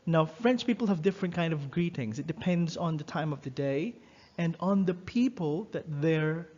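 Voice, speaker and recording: A man with a slightly high voice gives a recorded lesson, explaining each point patiently and repeating words slowly so learners can follow. The recording sounds dull and lo-fi. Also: animated, a little mellow. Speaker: French teacher.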